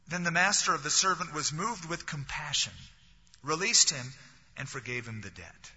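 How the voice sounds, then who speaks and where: A man's voice: on the high side, bright, forceful tone, breathy edge. A man preaching a sermon in a conversational way, with wry, humorous asides. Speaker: pastor. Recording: reverberant hall, dull lo-fi sound.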